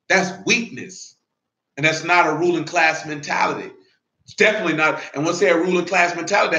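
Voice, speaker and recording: A male preacher giving an emphatic sermon in blunt street talk, often building to shouts. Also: fairly high pitch. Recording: roomy, dull lo-fi recording.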